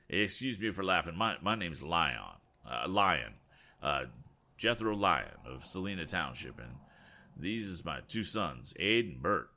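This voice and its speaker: A man's voice: deep voice, pushed and bright, full character voice. A man voicing a burly, grizzled older farmer who talks in a drawling rural dialect. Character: burly grizzled old male farmer, folksy.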